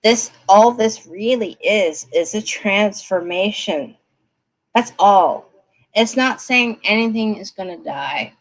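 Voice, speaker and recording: A woman's voice: medium pitch, animated, slow, low-quality recording. A woman giving tarot readings on a live stream, chatting straight to her viewers and laughing often. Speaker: tarot reader.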